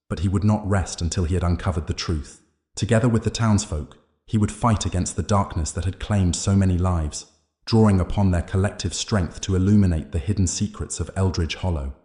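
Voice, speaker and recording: A man with a low, deep, dark-toned voice narrates a scripted horror story in a measured, dramatic way. The recording carries a roomy echo.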